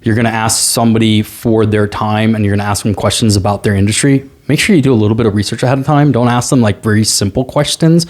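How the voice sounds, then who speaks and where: A commercial real estate agent appears as a guest in a casual interview, telling stories animatedly and often tagging "right?" onto his points. His voice is on the low side, fast, with hardly any pauses.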